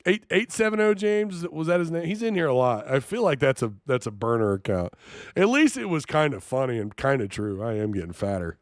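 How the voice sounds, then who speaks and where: A man's voice: medium pitch, animated, brisk, dry recording, clean studio sound. A man hosting a live-streamed sports talk show, reading chat and reacting in an incredulous, jokey way.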